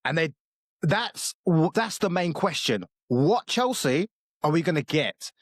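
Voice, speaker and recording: A man's voice: a little high, very animated, a little slow, dry recording, clean studio sound. Sweary, jokey podcast man. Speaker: football podcast co-host. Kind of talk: casual football podcast chat.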